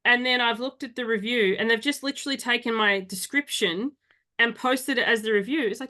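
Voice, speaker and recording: A woman's voice: a little high, a little fast, sharp tone. Blunt Australian woman podcast host. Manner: blunt and exasperated, swears casually. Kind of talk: casual podcast conversation.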